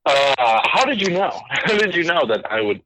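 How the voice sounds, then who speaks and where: A man's voice: on the high side, sing-song, normal speed, pushed and bright, no echo, rough recording. A young man telling a story on a casual podcast chat, swearing a lot and laughing as he goes. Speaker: podcast co-host.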